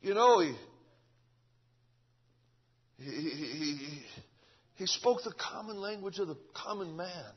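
A fervent preacher, repeating himself as he swings between shouting and hushed speech. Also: sits high, animated, takes it slowly, pauses often, breathy edge, highs cut off. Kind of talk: revival sermon.

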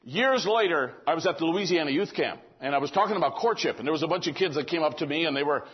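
A male preacher with a high-pitched, slightly husky voice delivers a sermon. He tells stories in a conversational way and acts out the dialogue. The recording sounds dull and lo-fi. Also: animated, fast. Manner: conversational storytelling with quoted dialogue.

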